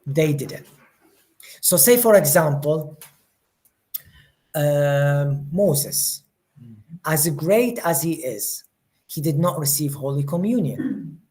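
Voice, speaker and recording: A man's voice: fairly high pitch, animated, slow pace, long pauses, darkish tone. A man giving a spiritual teaching to a live group in a session room, earnest and often repeating words as he searches for the phrasing. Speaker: religious teacher. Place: study day session room with listeners.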